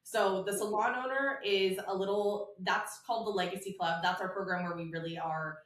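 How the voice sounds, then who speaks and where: A woman's voice: mid-range voice, fairly even intonation, normal speed, a bit bright, roomy sound. A woman guest on a podcast, a salon business coach, talking in a bubbly, chatty way and swearing freely. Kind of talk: casual podcast interview.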